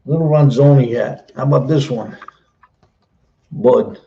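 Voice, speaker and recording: Gravelly-voiced man rambling on a live stream. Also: mid-range voice, moderate pace, warm tone, highs cut off. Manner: rambling, chatty, repeats himself. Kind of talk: casual live stream chat.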